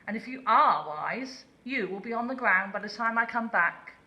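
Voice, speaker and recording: A woman's voice: a little high, animated, normal speed, pushed and bright, dull audio, voice pushed up. A woman voicing a stern mother owl in a storybook.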